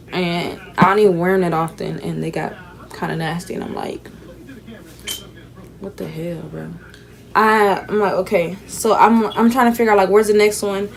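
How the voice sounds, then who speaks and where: This young vlogger from Houston, Texas, talks at a normal speed in a lowish voice with fairly level intonation. She unravels her braids as she recounts a swear-laden storytime, voicing the people involved.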